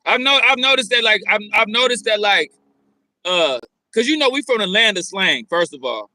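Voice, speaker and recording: A man's voice: high voice, animated, normal speed, bright, forceful tone, dry recording, rough recording. A man in casual chat, slangy and frank, often repeating his phrases as he talks.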